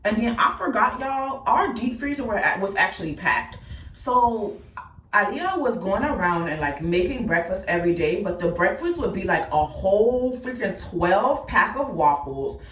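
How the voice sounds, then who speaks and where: A woman's voice: mid-range voice, moderate pace, distant mic. Blunt, profane woman in an echoey room. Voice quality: blunt, profane, animated, talks straight to the audience. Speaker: host telling her life story. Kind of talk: casual personal storytelling to viewers.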